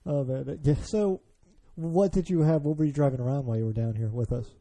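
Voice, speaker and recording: An American man hosting a casual podcast chat, asking questions with lots of hesitant pauses. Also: medium pitch, warm tone. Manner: hesitant, many fillers and restarts, asks questions. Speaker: podcast host.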